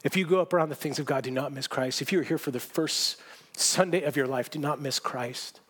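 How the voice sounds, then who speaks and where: A man's voice: on the high side, brisk, a bit bright, husky. A man preaching a sermon as pastor, earnest and emphatic, repeating key phrases and often restarting sentences.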